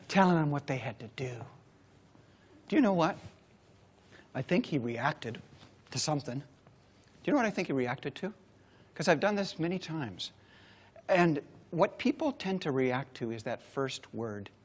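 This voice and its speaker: A man giving a motivational keynote, telling a story dramatically with long pauses. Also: fairly high pitch, very animated, slightly rough. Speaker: keynote speaker. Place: stage before a large audience.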